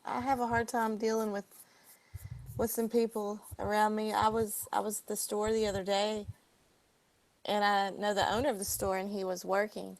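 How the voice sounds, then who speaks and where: A woman's voice: medium pitch, moderate pace, dry recording. A woman telling a story with indignation, swearing and acting out both sides of an argument. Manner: indignant, swearing, animated retelling. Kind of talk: casual storytelling.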